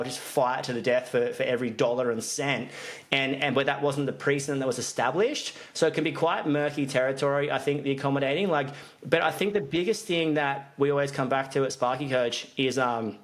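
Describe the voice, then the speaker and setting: A man co-hosting a business podcast in casual chat, rambling with restarts and fillers. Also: mid-range voice. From Australia. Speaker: podcast co-host, business coach.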